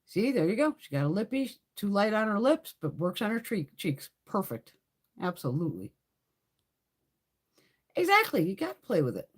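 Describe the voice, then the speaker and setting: Brief: woman beauty streamer, bouncy pitch, blunt and crude, animated storyteller. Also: brisk, husky. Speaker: beauty livestream host. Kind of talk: casual live chat while doing makeup.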